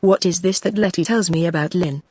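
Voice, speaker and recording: A woman's voice: on the low side, fairly quick, mellow, slightly rough, no echo. A woman reading as a haughty scheming sister. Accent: British English. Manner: evenly read, synthetic delivery.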